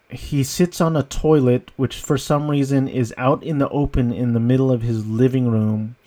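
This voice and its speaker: A man's voice: mid-range voice, mellow. Amused man rambling about a movie. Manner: rambling, amused, breaks into laughter. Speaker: film reviewer. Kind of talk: casual movie review.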